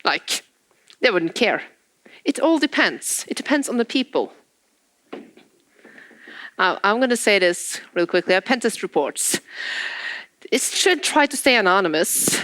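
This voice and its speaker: A woman's voice: medium pitch, moderate pace, clean tone, no echo. Woman telling work stories at a talk, bouncy voice, acts out the quotes, dry sound. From Norway. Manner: animated storytelling, acting out quotes, frequent laughter. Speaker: speaker on penetration testing. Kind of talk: conference talk.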